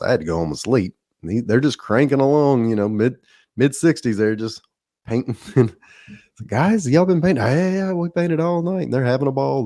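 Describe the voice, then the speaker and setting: Speaking at a medium pitch with a darkish tone, a middle-aged podcast host with a Southern drawl tells a folksy, meandering story in a relaxed monologue, chuckling at his own anecdotes as he goes.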